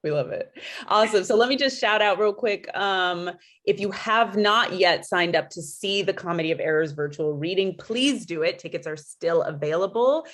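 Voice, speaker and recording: Host, woman from California, deep voice, effusive, video call. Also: moderate pace. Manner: warm, grateful, effusive. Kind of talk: facilitating a panel discussion.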